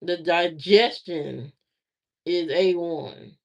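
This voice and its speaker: A woman's voice: lowish voice, extremely slow. A woman with a Southern US accent hosting a casual livestream, chatting in a rambling way and greeting viewers by name. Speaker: livestream host. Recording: slightly dull lo-fi stream audio.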